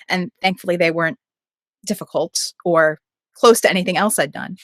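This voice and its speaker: A woman who narrates audiobooks, chatting casually on a podcast with quick asides. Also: lowish voice, dry recording, clean studio sound.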